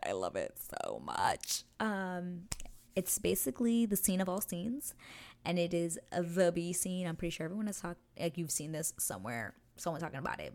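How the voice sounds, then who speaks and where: A woman's voice: lowish voice, vocal fry, a little mellow. A woman hosting a podcast, chatting casually and rambling with lots of "like" as she recaps a TV episode and acts out the characters' lines. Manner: gushing, rambling, heavy use of "like". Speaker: podcast host.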